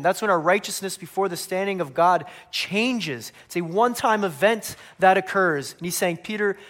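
Animated male preacher, fairly high voice. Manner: animated preaching, acting out humorous voices of biblical figures, tag questions. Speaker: pastor. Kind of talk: sermon.

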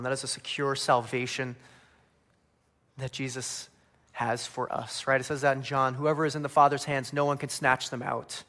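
A man preaching a sermon, animated, often asking "right?" and acting out humorous asides. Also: medium pitch. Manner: animated preaching, acting out humorous voices of biblical figures, tag questions. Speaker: pastor.

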